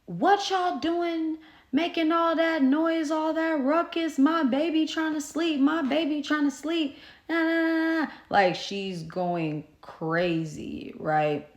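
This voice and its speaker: A young woman tells a storytime to her phone camera in a lowish voice, loose and chatty, swearing freely. Her talk is full of "like" and "you know". The room rings around her. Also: a bit bright. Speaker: YouTuber telling a story. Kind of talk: casual storytime vlog. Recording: roomy phone recording.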